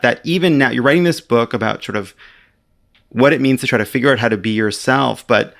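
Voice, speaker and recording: A man's voice: mid-range voice, brisk, gravelly, fairly bright tone. A man in his forties hosting a podcast interview, talking in a playful, rambling, joking way. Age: 40s. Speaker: podcast host. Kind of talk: conversational interview.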